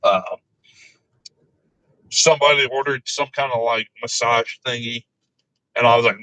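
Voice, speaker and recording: A man telling crude work stories in casual chat, laughing often and delivering his own quoted replies deadpan. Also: medium pitch, unhurried, pauses often, no echo, poor audio.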